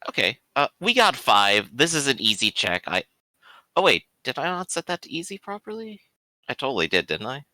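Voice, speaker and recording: A man's voice: mid-range voice, wildly swooping pitch, normal speed, bright, forceful tone, dry recording. A man playing a tabletop role-playing game, chatting and describing his character's actions. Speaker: player. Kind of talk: tabletop role-play chat.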